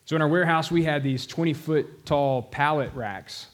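A man's voice: fairly high pitch, moderate pace. A middle-aged pastor preaching a sermon, telling a story with emphasis and speaking directly to his congregation. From American South.

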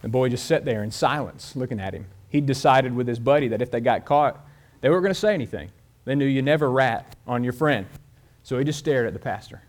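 A man preaching a sermon, telling a story and speeding up and slowing down as he goes. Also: mid-range voice, animated. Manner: storytelling with shifts of pace and loudness. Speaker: pastor.

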